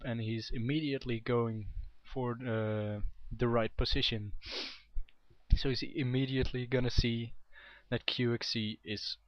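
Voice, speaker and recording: A man's voice: mid-range voice, no echo. Chatty young man commentating a game. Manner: chatty, self-correcting, rambling asides. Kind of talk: amateur esports commentary. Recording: dull, dry home mic.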